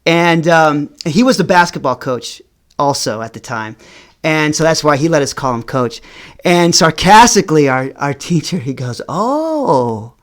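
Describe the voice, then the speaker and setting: A middle-aged man tells a personal story to his vlog audience. He speaks in halting stretches, repeats words, and his voice rises and falls in pitch and loudness. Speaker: vlogger.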